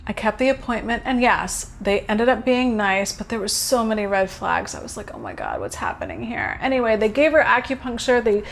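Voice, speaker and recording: A woman's voice: on the high side, a little fast, hardly any pauses, slight background noise. A woman hosting a spiritual video talk, speaking earnestly and casually as she tells a personal story and thinks aloud. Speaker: host.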